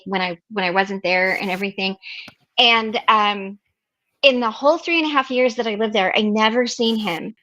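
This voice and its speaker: A woman's voice: mid-range voice, bright, forceful tone, dull audio. A middle-aged woman hosting a recovery meeting, telling a personal story in a casual, chatty way, with many fillers and restarts, acting out what others said.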